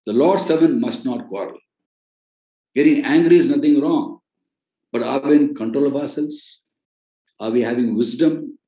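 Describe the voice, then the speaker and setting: A man's voice: medium pitch, normal speed, long pauses, warm tone, roomy sound, poor audio. A man with an Indian accent preaching in an earnest way, repeating key phrases for emphasis. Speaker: ministry president and preacher. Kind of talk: sermon-style teaching on a podcast.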